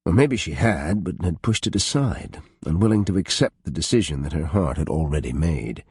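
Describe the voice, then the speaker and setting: A man reading a romance audiobook as narrator, expressive and voicing each character. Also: a bass voice, moderate pace, breathy edge, no echo, clean studio sound. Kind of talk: scripted narration.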